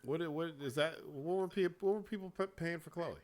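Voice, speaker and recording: A man hosting a casual gaming chat show, talking in a profane, animated way and laughing often. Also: fairly high pitch, fairly quick, hardly any pauses. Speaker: show host.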